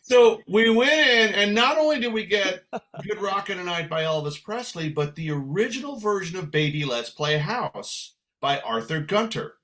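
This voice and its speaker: A man from San Francisco, a guest musician telling a long story in a lively, animated way. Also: high-pitched, normal speed. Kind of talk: casual storytelling.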